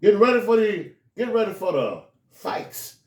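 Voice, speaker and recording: A man's voice: high voice, normal speed, distant mic. A man talking casually and telling stories, acting out the voices of the people in them. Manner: animated storyteller acting out quoted voices. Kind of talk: casual storytelling chat. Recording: echoey room, voice off-mic.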